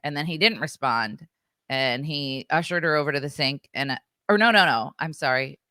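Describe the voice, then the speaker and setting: A woman's voice: sits low, normal speed, bright, forceful tone, no echo, clean studio sound. A woman in her thirties co-hosting a podcast, chatting casually through a story with lots of fillers and acted-out quotes. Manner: chatty, filler-heavy, acts out quoted voices. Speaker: podcast co-host.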